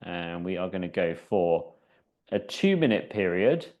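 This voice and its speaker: A man's voice: deep voice, very animated, unhurried. A man leading a seated exercise class as the instructor, chatty and encouraging, counting down each round. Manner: chatty, encouraging, counts down out loud, laughs at himself. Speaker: fitness instructor.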